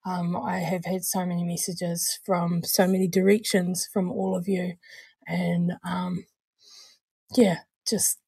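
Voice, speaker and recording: A woman with a New Zealand accent, co-hosting a show in casual chat, hoarse and unwell, rambling and laughing as she stumbles over words. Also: on the low side, fairly even intonation, slow pace, pauses often, a little mellow, no echo. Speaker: co-host of a vaping show.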